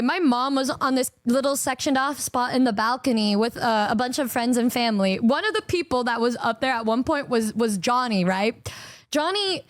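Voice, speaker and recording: A woman streamer chatting casually to her fans, excitable and giggly, swearing freely. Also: high voice, no room sound, clean studio sound. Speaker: singer and streamer.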